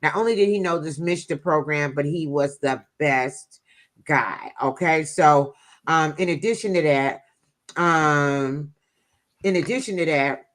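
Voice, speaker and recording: A woman vlogger casually telling viewers a personal story in a chatty, folksy way. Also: low voice.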